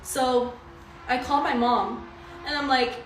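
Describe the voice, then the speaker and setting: Chatty twenties woman spilling the tea, sassy and lively, faint hiss behind. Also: sits high, slow pace. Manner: animated, sassy, mimics voices in quotes. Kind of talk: storytime vlog. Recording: echoey room, away from mic.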